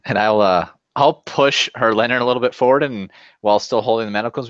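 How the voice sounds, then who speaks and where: A man playing a tabletop game, describing his moves loudly and animatedly. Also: medium pitch, fast talker, no room sound. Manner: animated, loud. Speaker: player. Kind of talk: casual tabletop game play. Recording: dull, lo-fi, dry.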